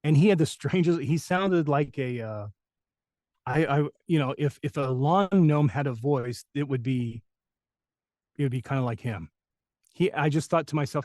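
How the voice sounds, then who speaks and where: A man's voice: mid-range voice, normal speed, a little mellow, no echo, clean studio sound. A man, a voice actor, chatting in an interview, rambling through stories and laughing often. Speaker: voice actor guest. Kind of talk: casual interview chat.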